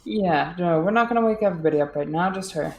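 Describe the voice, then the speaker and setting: Low-voiced woman player, hesitant and formal. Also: fast talker, reverberant, a little hiss or hum. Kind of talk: in-character tabletop play.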